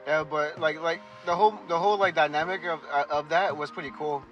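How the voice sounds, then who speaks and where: A man co-hosting a podcast in casual chat, halting and restarting often as he explains. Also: on the high side, steady tone, a bit bright, highs cut off, soft background music. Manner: halting, lots of restarts and filler. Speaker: podcast co-host.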